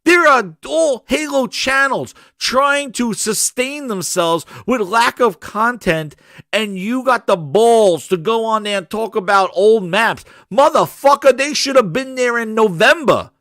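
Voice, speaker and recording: A man's voice: very high-pitched, animated, measured pace, a bit bright, no room sound, clean studio sound. Profane, heated man ranting. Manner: heated and profane, repeating himself. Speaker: podcast host. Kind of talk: angry gaming rant.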